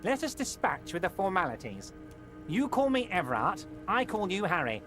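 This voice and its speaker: High bouncy smarmy union boss, game music behind. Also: male voice, wildly swooping pitch, moderate pace, fairly bright tone, exaggerated voice. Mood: ingratiating. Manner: smooth, patronizing, falsely reassuring. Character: jovial scheming heavyset male union boss. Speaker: video game character.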